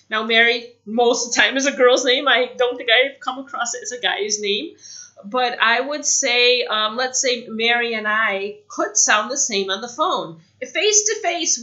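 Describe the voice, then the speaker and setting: A woman giving a casual spoken English lesson, chatty, saying example phrases slowly. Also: fairly high pitch, sharp tone, lo-fi sound. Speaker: English teacher.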